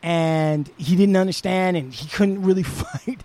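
A podcast host gives a loose, chatty, animated retelling of a story, peppered with casual swearing. His voice is fairly high for a man, his pace is measured, and the recording is dry.

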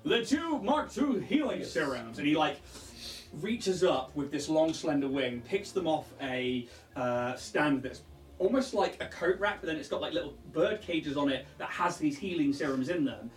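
A man's voice: fairly high pitch, moderate pace, reverberant, distant mic. A man narrating as game master in loose, descriptive talk with many fillers.

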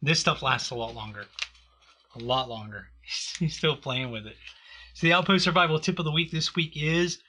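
A man's voice: on the high side, normal speed, pushed and bright. A man hosting a casual, joking chat with a co-host, laughing often.

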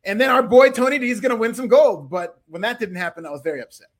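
Fast-talking high-voiced man. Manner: excitable, jokey, laughs often. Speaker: podcast co-host. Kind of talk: casual wrestling chat.

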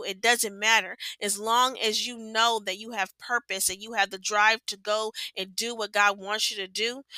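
A woman's voice: a little high, pushed and bright, no room sound, rough recording. A woman hosting a devotional podcast, speaking earnestly to encourage listeners and reading aloud with a few stumbles. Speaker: podcast host.

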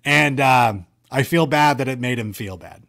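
A man telling rambling, self-mocking anecdotes in a casual chat, with lively jumps in his voice. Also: medium pitch, normal speed, gravelly.

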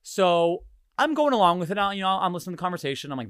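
A young man from Hawaii tells a story on his podcast, joking and swearing freely. His pitch swings widely around a slightly high voice. The recording is dry and close, with no room sound. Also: very fast, smooth, no room sound. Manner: animated, profane, jokey. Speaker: podcast host.

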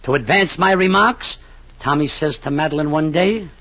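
A man's voice: a little high, moderate pace, bright, forceful tone, dry recording. A man narrating a 1940s radio comedy in a mock-pompous, long-winded way, full of grand phrasing. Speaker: comic narrator. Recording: dull old radio recording.

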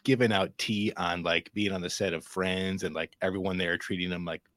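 A man co-hosting a casual film podcast, relaxed and candid, swearing casually. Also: low-pitched, fairly quick, no echo, clean studio sound. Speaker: podcast co-host.

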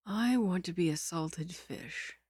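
A woman reads out a frail young nobleman who drifts through his words in a soft, breathy, lazy drawl. The voice sits a little low and comes across close and dry, with no room around it. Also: moderate pace, no echo, lightly acted. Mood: weary. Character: sickly, languid young nobleman, weak and resigned.

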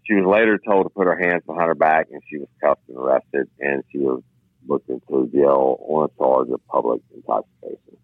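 A man's voice: a bass voice, brisk, no room sound. A man, a former police officer co-hosting a crime news show, reading a story aloud and then telling blunt personal stories in casual chat. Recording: tinny phone-like line, dry.

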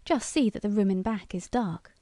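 A woman's voice: moderate pace, mellow, no room sound, studio quality, close to an everyday voice. Woman voicing an eager young salesman. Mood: confiding. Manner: salesman's pitch, confiding. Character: eager young male toy demonstrator.

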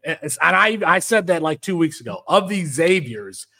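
A man's voice: a little high, big pitch swings, normal speed, creaky, bright, forceful tone. A man hosting a sports podcast in casual chat, rambling with many restarts. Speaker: podcast host.

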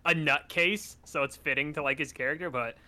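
A man with a bright, forward voice and a slightly high pitch, rambling through a casual podcast chat. He gets animated and laughs often as he talks. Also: a little fast. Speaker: podcast co-host. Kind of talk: casual chat, film review.

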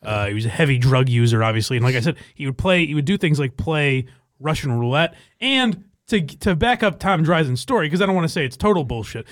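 A man's voice: a little high, lively intonation, a little fast, dry recording. Rambling man hosting a podcast, dry sound. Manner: rambling, many fillers, swears, laughs often. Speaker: podcast host. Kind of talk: casual chat.

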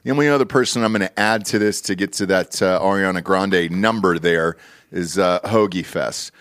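Podcast host: a lower-voiced man, loose, jokey and profane, recorded dry and close. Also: moderate pace, no echo. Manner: profane, joking, animated. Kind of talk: casual golf betting chat.

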